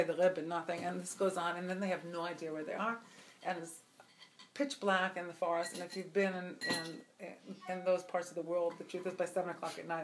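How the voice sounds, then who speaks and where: A woman telling a Hasidic tale at a gathering, animated and chatty, with many asides and fillers. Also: on the low side, background noise. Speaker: storyteller. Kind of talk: spoken Hasidic storytelling. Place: event gathering.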